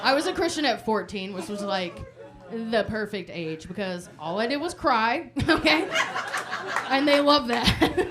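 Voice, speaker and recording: A thirty-year-old woman comedian performing a brash, animated stand-up set, swearing freely and acting out quotes, on a club stage with a handheld mic. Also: on the high side, unhurried. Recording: live club with crowd laughter and noise. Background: audience laughing.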